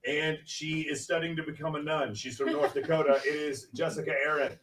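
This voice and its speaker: A man's voice: on the high side, level tone. Brash joking male panel show host. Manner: joking, brash, introduces guests in quick succession. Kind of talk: casual panel show hosting. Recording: distant mic with noticeable background noise.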